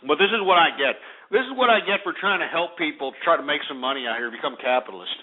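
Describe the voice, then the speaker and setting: Ranting high-voiced male radio host. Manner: ranting, profane, fast bursts. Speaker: radio talk show host. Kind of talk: talk radio monologue. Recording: tinny lo-fi radio audio.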